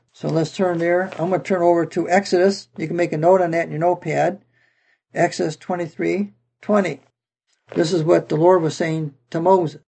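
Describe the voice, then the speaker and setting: A man gives a verse-by-verse Bible lesson, reading scripture and then unpacking it with repeated "okay"s. His voice sits a little high but sounds mellow and husky, with a gravelly edge. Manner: reads scripture aloud then explains it, with frequent "okay" and restarts. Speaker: bible teacher.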